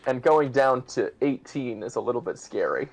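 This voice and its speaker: A man's voice: mid-range voice, animated, normal speed, creaky, a little mellow. A man playing in a tabletop game, talking in a plain, matter-of-fact way. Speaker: player.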